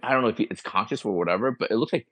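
A man's voice: lowish voice, racing, a bit bright, no room sound. A man co-hosting a podcast in casual chat, talkative and often asking "you know what I mean.". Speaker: podcast co-host.

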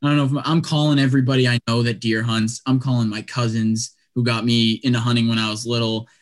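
A man's voice: medium pitch, quick pace. Chatty young man telling a story. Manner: animated, chatty, heavy use of "like" and "dude". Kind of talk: casual podcast storytelling.

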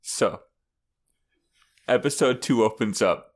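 A man's voice: medium pitch, slow. A man co-hosting a podcast, chatting casually and laughing as he spins a made-up story. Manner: playful, laughs while telling a made-up story. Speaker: podcast co-host. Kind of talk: casual chat.

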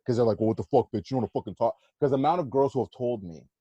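A man co-hosting a podcast, telling stories in casual chat, swearing a lot and animated. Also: medium pitch, rapid-fire, slightly rough, no room sound, highs cut off. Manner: profane, animated storytelling. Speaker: podcast co-host.

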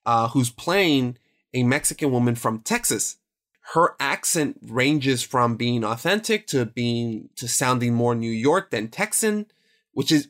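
A man's voice: medium pitch, a bit bright. Rambling, emphatic man discussing a film. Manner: rambling, self-correcting, emphatic. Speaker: podcast co-host.

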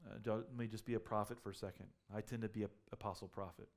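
A man's voice: lowish voice, flat delivery, rapid-fire. A man preaching a sermon as a pastor, conversational and full of rhetorical questions, building up to emphatic peaks.

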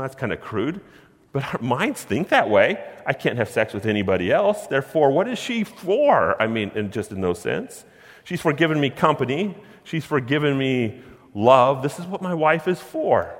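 A man preaching a sermon, slowing down on key words and swinging between hushed and loud. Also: mid-range voice, big-room sound. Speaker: pastor. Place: church sanctuary.

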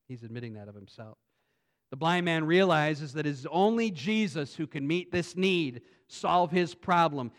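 A man preaching a sermon in a conversational way, swinging between loud emphatic lines and quiet asides, often restarting his sentences. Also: fairly high pitch, animated, normal speed. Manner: frequent restarts and repetitions. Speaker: pastor.

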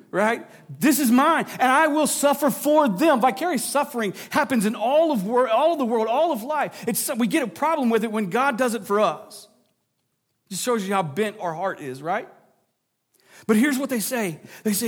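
A man preaching a sermon, dropping into low hushes and rising into emphatic lines, with jokey asides to the congregation. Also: animated, moderate pace. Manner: dramatic drops to a low hush, then rising emphasis. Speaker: pastor.

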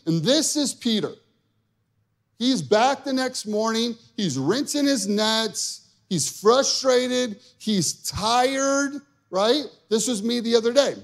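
A young adult man with a notably high voice delivers a sermon. His preaching is conversational and humorous, slipping into playful acted-out inner monologues. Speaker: pastor.

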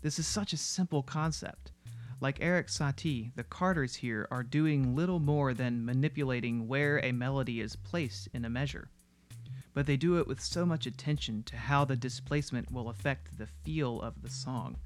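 A man giving scripted narration that explains music in an analytical, steady way. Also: mid-range voice, normal speed. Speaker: music video essayist.

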